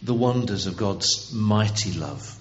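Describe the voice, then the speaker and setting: A man's voice: on the low side, lively intonation, takes it slowly. A man leading a church service, introducing the guest speaker informally. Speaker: service leader. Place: church hall. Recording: dull recording in an echoing hall with faint hiss.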